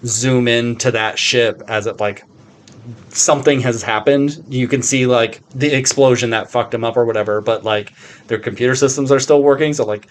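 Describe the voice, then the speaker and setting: A podcast co-host rambles through a casual chat, leaning heavily on "like" and swearing a good deal. His medium-pitched voice stays fairly even in intonation at a normal speed.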